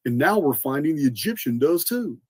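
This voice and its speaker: Very animated and brisk, a man with a fairly high, husky voice hosts a podcast in an earnest lecturing monologue. He frequently restarts words, spells out names, and has a bit of a cough and some throat-clearing. The recording is dry.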